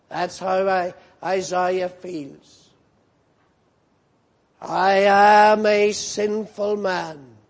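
A man preaching a sermon, slow and emphatic, repeating his phrases for weight. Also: high-pitched, level tone.

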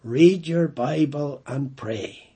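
A man preaching who voices a loving mother, speaking gently and firmly. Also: on the high side, slow pace, slightly rough, heavily acted. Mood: gentle firm. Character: patient loving praying mother.

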